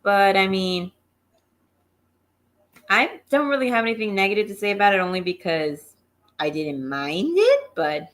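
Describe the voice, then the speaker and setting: A woman's voice: mid-range voice, very animated, normal speed, pauses often. A woman co-hosting a wrestling review show, recapping in an offhand, breezy way.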